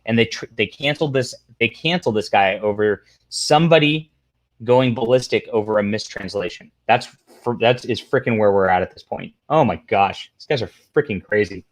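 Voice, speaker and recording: Speaking at a moderate pace in a lowish voice, this male livestream host keeps things casual. He wanders through his commentary, reading posts out loud, addressing the chat and dropping sarcastic remarks.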